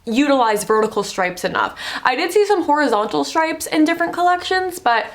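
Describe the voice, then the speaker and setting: A young adult woman giving casual fashion commentary as a vlogger, chatty and excitable, with "like" all through her speech. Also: sits high, a little fast. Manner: chatty and excitable, full of "like" fillers.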